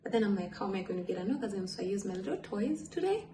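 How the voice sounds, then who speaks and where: A woman's voice: mid-range voice, big pitch swings, fast talker, dark tone, roomy sound, a little hiss or hum, poor audio. A woman telling a candid storytime on her vlog at home, chatty and swearing, jumping between asides. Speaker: vlogger. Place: home apartment.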